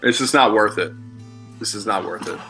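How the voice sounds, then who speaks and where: Candid, bright-voiced man telling stories. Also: on the low side, normal speed, faint music behind. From Philadelphia, USA. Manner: candid rambling storyteller, swears freely. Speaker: podcast guest. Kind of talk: casual chat.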